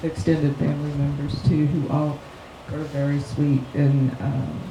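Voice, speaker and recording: A woman sharing a heartfelt personal memory at a memorial, speaking slowly and haltingly with fillers. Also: deep voice, flat delivery. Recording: echoey room with background noise.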